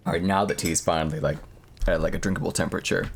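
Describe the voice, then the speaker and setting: A man's voice: sits low, steady tone, quick pace, vocal fry, husky. A young man live-streaming, chatting casually with viewers in a rambling, profane way. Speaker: streamer reading horror stories.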